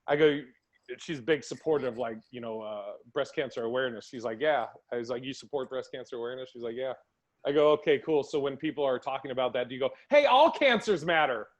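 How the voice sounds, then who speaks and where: Speaking quickly at a medium pitch, he hosts his podcast with relaxed chat and animated storytelling, playing out each quoted exchange.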